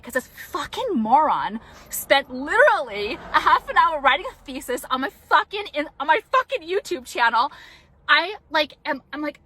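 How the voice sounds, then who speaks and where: A woman's voice: high-pitched, a bit bright. A woman vlogger ranting, combative and profane, with many filler words. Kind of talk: profane vlog rant.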